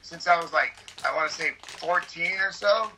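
A man's voice: on the high side, moderate pace, vocal fry, pushed and bright, a little hiss or hum, poor audio. A man from California chatting casually, telling rambling stories full of swearing. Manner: profane, rambling storyteller. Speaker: podcast guest. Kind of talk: casual chat.

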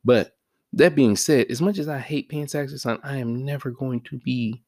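A man hosting his own vlog in a profane, casual rant that swings between loud, high-pitched outbursts and low mutters. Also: normal speed, no echo, studio quality. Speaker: vlog host. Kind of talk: casual ranting monologue.

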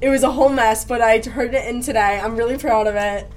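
A woman's voice: fairly high pitch, steady tone, quick pace, a little hiss or hum. A young woman in school, co-hosting a casual podcast chat, chatty and slangy with frequent laughs. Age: young adult. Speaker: podcast co-host.

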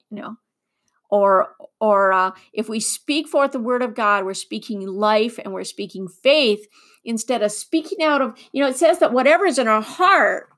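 A woman preaching in an easy, conversational way, her voice sitting a bit higher than most. She is earnest and unpolished, often restarting her sentences and leaning on fillers as she teaches. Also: moderate pace, a bit bright. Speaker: Bible teacher. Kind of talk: informal sermon.

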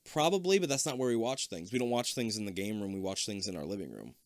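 Animated young man with lively pitch. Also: quick pace, dry recording, studio quality. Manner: animated, swears freely, goes loud when upset. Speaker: podcast co-host reading a kids' book aloud. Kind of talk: casual chat and book reading.

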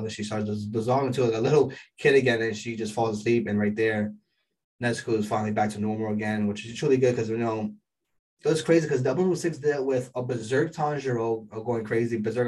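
A man recaps an episode in a loose, rambling way, piling on fillers and bursting into excited reactions. He sits a little away from the microphone, so his voice sounds slightly distant. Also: fairly low pitch. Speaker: anime episode reviewer.

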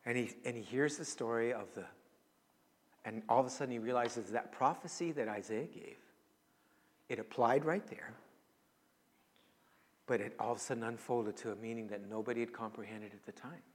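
A man's voice: mid-range voice, normal speed, pauses often. A man preaching a sermon as a pastor, casual and conversational, rising into emphatic pleading bursts. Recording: long hall reverb.

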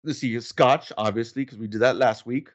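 A man's voice: medium pitch, normal speed, muffled recording. Man, podcast co-host, casual banter, jokey, easily gets the giggles. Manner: jokey, prone to giggling fits. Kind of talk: casual chat.

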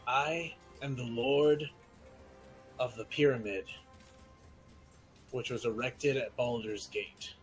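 A man voicing an ancient, commanding male scarab lord with a deep, booming voice that speaks in slow, solemn decrees. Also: steady tone, faint music behind, natural voice, low-quality recording.

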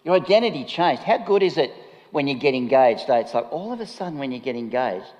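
A man's voice: mid-range voice, big pitch swings, fairly quick, darkish tone, dull audio. A man preaching a chatty, humorous sermon, often laughing at himself. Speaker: pastor. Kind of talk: conversational sermon. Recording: long reverb of a large hall.

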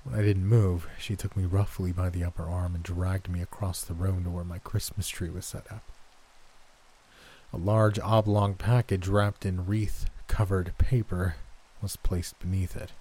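A man reading a horror story aloud in a slow, tense, dramatic way. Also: sits low, flat delivery, mellow, slight background noise. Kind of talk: scripted narration.

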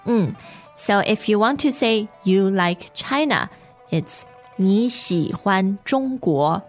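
Slow, careful woman teaching a language. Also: medium pitch, lively intonation, soft background music. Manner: slow, careful modelling of each word, repeated twice. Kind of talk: podcast language lesson.

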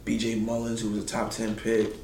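Laid-back man spinning a hoops story in slang, acting out the quotes, in a roomy space with faint noise. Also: a little fast. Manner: animated, acts out quotes with big pitch jumps. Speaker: former college basketball player telling stories. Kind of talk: casual storytelling.

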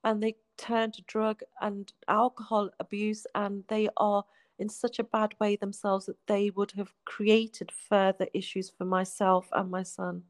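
A woman's voice: medium pitch, little pitch movement, measured pace, no echo. Heartfelt woman in her forties. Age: 40s. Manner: heartfelt, often dropping to a soft hush. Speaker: guest sharing her life story. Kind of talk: emotional personal storytelling.

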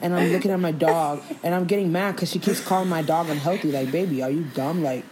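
A young woman hosting a casual podcast, telling animated, profane stories and laughing through them. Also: on the low side, quick pace, background noise. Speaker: podcast host. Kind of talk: casual storytelling chat.

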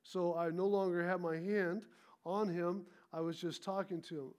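A man's voice: high-pitched, fairly even intonation, moderate pace, darkish tone. A man preaching a sermon as pastor, telling a story and calling on the congregation to answer back. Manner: storytelling, calls for congregation responses.

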